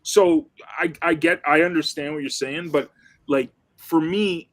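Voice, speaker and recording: A man's voice: on the high side, steady tone, measured pace, poor audio. A man co-hosting a casual sports chat in a laid-back, slangy way. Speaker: co-host.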